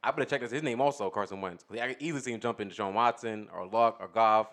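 A man co-hosting a sports podcast, talking in a relaxed, casual way. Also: fairly low pitch, fast talker. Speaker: podcast co-host.

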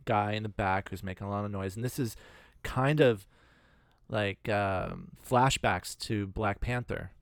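A man's voice: on the low side, a little slow, smooth, dry recording, clean studio sound. A man co-hosting a podcast, telling stories loosely with lots of fillers and swearing. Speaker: podcast co-host. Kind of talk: casual chat.

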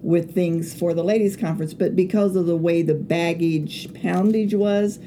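A middle-aged woman tells a long, rambling story, stopping often on fillers to find her words. Her voice is low and warm. Faint room noise is heard behind her. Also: steady tone, moderate pace. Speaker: pastor's wife. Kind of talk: casual storytelling chat.

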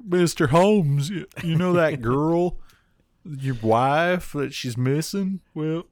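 Casting: a man doing a drawling, high-pitched folksy cop from the 1890s, joking tone, dry sound. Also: takes it slowly, a little mellow, dry recording. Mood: mocking, folksy. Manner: exaggerated rural drawl put on as a joke.

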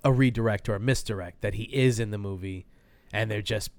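A man's voice: fairly low pitch, a little fast, a little mellow, no room sound. A man co-hosting a podcast, chatting casually and thinking aloud with fillers. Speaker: podcast co-host. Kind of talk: casual chat.

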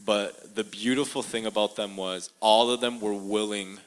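A young man sharing a personal testimony in an interview, earnest and halting, full of fillers and restarts, in a room with a live audience. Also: on the low side, steady tone, clear, resonant tone, rough recording.

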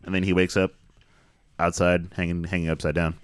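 Very deep-voiced man, dry sound. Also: flat delivery, brisk, clean tone, dry recording. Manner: laid-back plot summarizing, laughs often. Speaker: podcast co-host. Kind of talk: casual movie recap chat.

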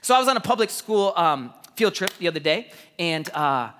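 A man in his thirties preaching a sermon, energetic and animated, telling stories with repeated words and laughs. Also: high voice, moderate pace, in a large hall, a little hiss or hum. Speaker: pastor.

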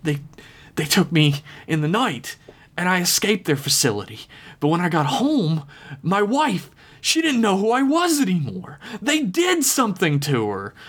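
A man's voice: extremely high pitch, expressive, a little slow, gravelly, breathy edge, pitched above the performer's own voice, exaggerated voice. A man voicing a panicked, ranting man who is turning into a monster. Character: panicked mutating man, desperate killer.

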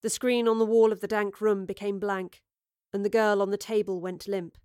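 A woman giving scripted audiobook narration of a story in a measured, vivid storytelling manner. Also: medium pitch, little pitch movement, mellow, smooth, no room sound, clean studio sound.

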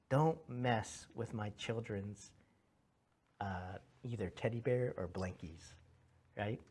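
A man in his thirties preaching a conversational sermon, earnest and animated, telling stories with restarts and asking "right?" along the way. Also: medium pitch, breathy edge. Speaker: pastor.

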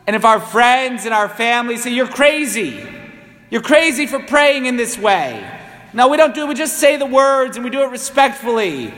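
Preacher with a high voice in a reverberant church. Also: male voice, expressive, moderate pace, a bit bright. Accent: New England. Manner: conversational, rising into impassioned cries. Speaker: priest. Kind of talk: homily.

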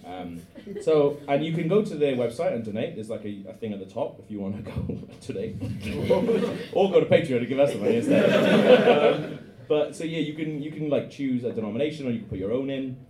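A man's voice: mid-range voice, animated, brisk, roomy sound, background noise. A man from Britain hosting a podcast, telling a story in rambling, giggly casual chat. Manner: rambling, giggly, lots of fillers. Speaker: podcast host.

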